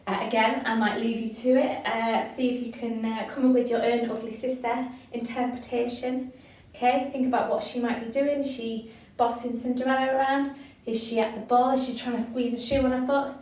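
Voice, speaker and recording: A woman leading a drama game, calling out countdowns and warm praise in a fairly high voice. She sounds set back from the mic in a very echoey room. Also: flat delivery, fairly quick, far from the mic. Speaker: drama workshop leader.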